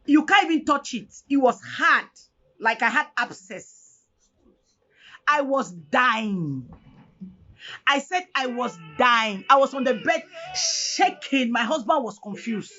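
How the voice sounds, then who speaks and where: A woman from Cameroon with a Cameroonian English accent, giving an emotional personal testimony in a dramatic, animated way, often near tears. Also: sits high, takes it slowly. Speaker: guest telling her story. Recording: dull lo-fi audio with faint music.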